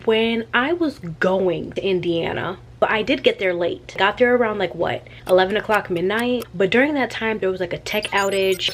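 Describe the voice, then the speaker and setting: A young woman telling an animated, chatty travel story in a casual vlog. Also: mid-range voice, a little hiss or hum. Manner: animated and chatty, with slangy asides. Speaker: vlogger.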